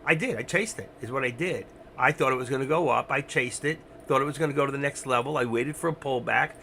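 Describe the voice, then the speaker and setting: Gravelly-voiced man rambling about trades. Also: mid-range voice, quick pace, bright, forceful tone, slight background noise. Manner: rambling, self-deprecating, talks straight to viewers. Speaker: options trading livestream host. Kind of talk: casual livestream commentary.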